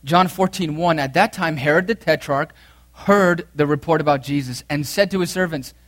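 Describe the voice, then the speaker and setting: A man preaching a sermon in a fairly high voice. He reads scripture aloud and drives his points home by repeating key phrases. His delivery is earnest and swings between loud emphasis and quiet intensity. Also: normal speed. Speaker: pastor.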